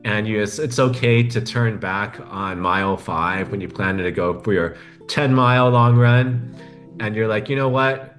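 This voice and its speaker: A man's voice: on the low side, unhurried, fairly bright tone, soft background music. A man as a podcast guest, talking reflectively and often checking in with the listener. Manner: reflective, often adds a tag question. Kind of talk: conversational interview.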